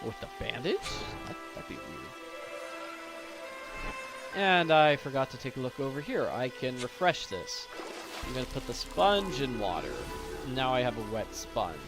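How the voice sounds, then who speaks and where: A man giving live, joking commentary as he plays a puzzle game, thinking aloud and getting excited. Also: medium pitch, normal speed. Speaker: gameplay commentator. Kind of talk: live let's-play commentary. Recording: commentary over game music.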